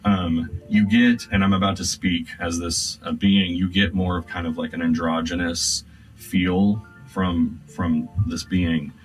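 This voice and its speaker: A man narrating scenes as game master of a tabletop game, describing them slowly with many fillers. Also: deep voice, level tone. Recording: distant mic with faint music.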